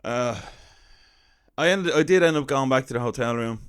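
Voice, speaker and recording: Irish man, thirties, mid-pitched, wry self-deprecating comic storyteller. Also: normal speed, smooth. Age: 30s. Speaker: comedian storyteller.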